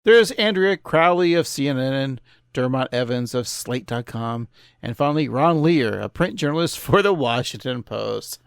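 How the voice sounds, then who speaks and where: Creaky-voiced joking podcast co-host man. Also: medium pitch, lively intonation, normal speed, no room sound, clean studio sound. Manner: jokey, laughing asides. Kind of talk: casual chat.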